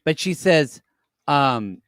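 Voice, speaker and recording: A podcast co-host who recaps with teasing, deadpan jabs. His voice sits a little high and moves about a lot, recorded dry and close. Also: slow, dry recording. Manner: wry, teasing, deadpan asides. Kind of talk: casual chat.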